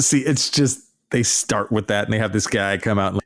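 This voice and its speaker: A man hosting a podcast as an archaeology professor, ranting in a sarcastic, mocking, animated way. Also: fairly low pitch, brisk, hardly any pauses, no room sound, clean studio sound. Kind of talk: casual ranting commentary.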